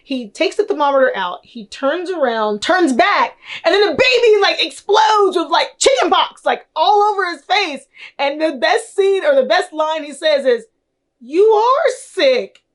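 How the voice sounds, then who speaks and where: A woman's voice: very high voice, animated, moderate pace. A young woman chatting loosely through a film review, rambling with lots of fillers and giggles. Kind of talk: casual film review chat.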